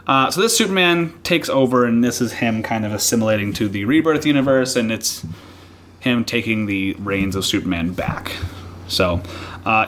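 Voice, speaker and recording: A man co-hosting a casual podcast about comics, talking in an excited, rambling way with frequent laughs and restarts. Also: mid-range voice. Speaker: podcast co-host.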